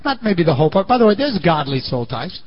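A man preaching a sermon in an animated way, swinging between loud and quiet, on a muffled lo-fi recording. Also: on the high side, fast talker.

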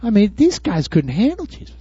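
A high-voiced male pastor preaching in a lively, swooping, folksy style and peppering the congregation with rhetorical questions. The recording is dull and lo-fi, with a dry, close sound. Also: fairly quick, husky, no echo. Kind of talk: sermon.

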